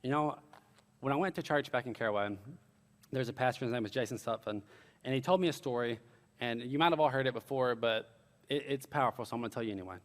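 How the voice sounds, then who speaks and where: A man's voice: mid-range voice, quick pace, big-room sound. A young man preaching a sermon, telling stories with earnest, casual asides. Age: young adult. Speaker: pastor.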